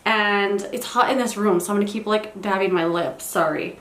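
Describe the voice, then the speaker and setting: A woman's voice: mid-range voice, normal speed, reverberant. A young woman chatting casually as a beauty vlogger in her bedroom, rambling with self-deprecating asides. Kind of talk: casual get-ready-with-me chat. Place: bedroom at home.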